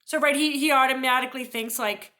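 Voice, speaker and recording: A woman giving a casual teaching talk on behavior, chatty and full of little "right?" asides, telling stories in a lively way. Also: high voice, brisk. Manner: lively storyteller who acts out quoted voices. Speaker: behavior educator.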